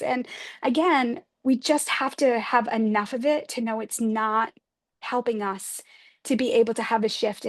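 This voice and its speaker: A woman spiritual advisor speaking to her listeners in a livestream talk. Her voice is a little high, and she talks gently and earnestly, posing reflective questions as she goes.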